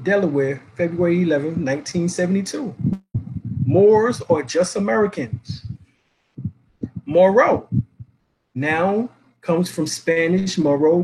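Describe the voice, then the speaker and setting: A man's voice: high-pitched, darkish tone, rough recording. A man lecturing, reading out dictionary references, spelling letters aloud and asking rhetorical questions.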